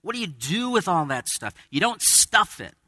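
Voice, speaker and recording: A male pastor preaches to his congregation in a conversational way, acting out quoted voices as he teaches. His tone is very bright and ringing. The sound is dry and close. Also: high voice, very animated, normal speed, no echo. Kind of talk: sermon. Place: church with a congregation.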